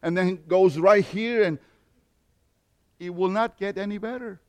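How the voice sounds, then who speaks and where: A man in his fifties from Mexico, with a Mexican Spanish accent, preaching a sermon as pastor, moving from quiet reflection to loud emphatic points. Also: sits high, a little slow. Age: 50s.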